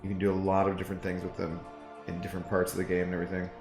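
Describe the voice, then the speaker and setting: Low-voiced man chatting on stream. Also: completely flat delivery, rapid-fire. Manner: rambling, talks to chat with fillers. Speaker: game streamer. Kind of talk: casual stream chat. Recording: echoey room, faint music.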